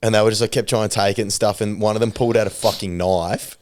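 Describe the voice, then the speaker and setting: Low-voiced bloke telling a story. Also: male voice, steady tone, fast talker, darkish tone. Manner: rambling, many fillers, swears freely, laughs mid-story. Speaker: podcast co-host. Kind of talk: casual storytelling chat.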